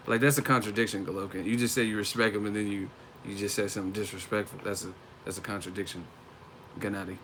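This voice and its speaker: A man's voice: on the low side, steady tone, fast, a bit bright, slight background noise. A man on a casual live stream, talking about boxing, often laughing and swearing as he mocks the fighters. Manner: laughs often, profane, mocking impressions.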